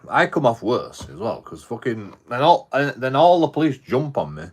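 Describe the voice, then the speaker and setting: Chatting on a livestream, a man rambles through a story packed with profanity, often starting over mid-thought. His medium-pitched voice swings widely at a normal pace, and there's noise in the background.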